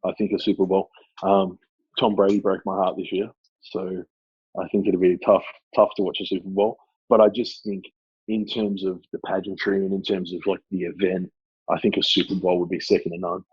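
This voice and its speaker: Australian man, low husky voice, guest on a podcast, lively anecdotes, muffled dry recording. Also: fairly quick, dry recording. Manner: animated storyteller, laughs often. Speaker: guest, former player. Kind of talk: casual chat.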